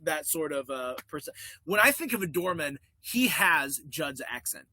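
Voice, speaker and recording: A man co-hosting a podcast in casual chat, animated and laughing often as he talks things over. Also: a little high, normal speed, dry recording. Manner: animated, quotes people in put-on voices, laughs often. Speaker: podcast co-host.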